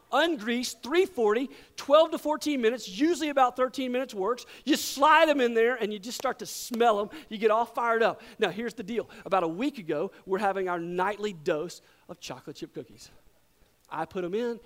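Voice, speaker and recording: A middle-aged male pastor preaching a sermon, telling a story with big swings from loud exclamations to hushed near-whispers. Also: sits high.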